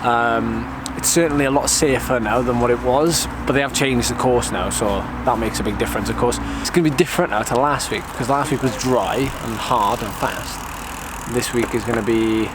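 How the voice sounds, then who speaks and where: A man chatting casually to camera, thinking aloud after a warm-up lap at a muddy outdoor course. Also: mid-range voice, normal speed, few pauses. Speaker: vlogger and amateur cyclocross racer. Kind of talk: casual vlog chat to camera. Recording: outdoor recording with clear background noise.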